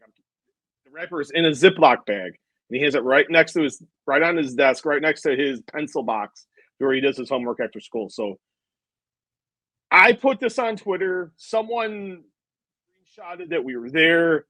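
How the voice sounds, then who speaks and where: A man in his thirties with a slightly higher voice tells a winding story about a family outing, full of asides and quoted lines. The sound is close and dry, with no room around it. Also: moderate pace, long pauses, no room sound, poor audio. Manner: rambling, animated anecdote with many asides. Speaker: interviewer. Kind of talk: casual interview storytelling.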